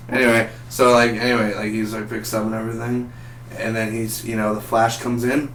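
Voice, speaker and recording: A young man reviewing a TV episode in a rambling, animated way, acting out characters' lines. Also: fairly low pitch, fairly quick. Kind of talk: casual review vlog. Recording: echoey room, distant mic, faint hum.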